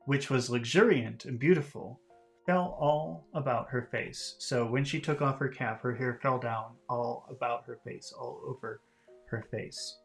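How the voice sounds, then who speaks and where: A man's voice: medium pitch, measured pace, vocal fry, faint music behind. A man teaching English by reading a classic novel aloud and patiently explaining its words in plain terms.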